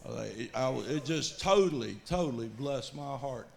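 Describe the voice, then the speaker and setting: A man's voice: medium pitch, lively intonation, normal speed, vocal fry. A man telling an earnest, folksy testimony to his church. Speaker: church member giving testimony. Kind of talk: storytelling testimony.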